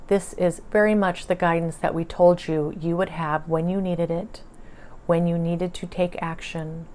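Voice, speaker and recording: A woman recounting a channeling session, quoting her spirit guides softly and slowly, with bursts of excitement in her own replies. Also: fairly low pitch, a little hiss or hum. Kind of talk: casual spoken recounting with quoted dialogue.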